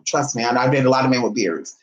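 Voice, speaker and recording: A sassy, chatty woman vlogger talks casually to the camera, calling her listeners "honey" and swinging her voice between high and low. She speaks fast, and the audio sounds dull.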